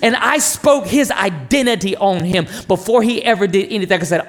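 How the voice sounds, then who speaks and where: Man, thirties, very high voice, passionate sermon, rhetorical questions. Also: a little fast, few pauses, in a large hall, slight background noise. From North Carolina, USA. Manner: passionate, animated preaching with rhetorical questions to the crowd. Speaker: preacher.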